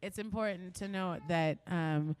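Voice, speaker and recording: A woman's voice: on the low side, unhurried. A woman hosting a live-streamed concert, chatty, gushing and giggly as she asks viewers to donate. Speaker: host.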